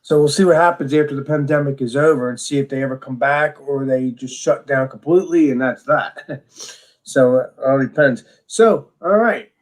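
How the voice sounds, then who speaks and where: A man's voice: mid-range voice, normal speed. A man co-hosting a casual beer tasting chat, talking with enthusiasm and rambling restarts. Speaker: beer reviewer co-host.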